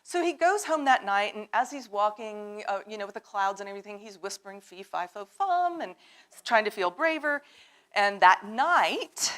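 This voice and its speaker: A woman reading a picture book aloud to children at a church service, animated and drawing them in with questions. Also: medium pitch, normal speed. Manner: animated, asks the children to join in. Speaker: storyteller at a children's time in worship. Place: church sanctuary.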